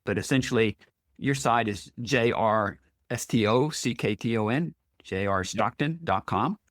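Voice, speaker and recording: A man's voice: on the low side, unhurried, fairly bright tone, no echo, clean studio sound. A man hosting a podcast interview, speaking earnestly and encouragingly as he sums up his guest's points. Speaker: podcast host. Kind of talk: casual interview chat.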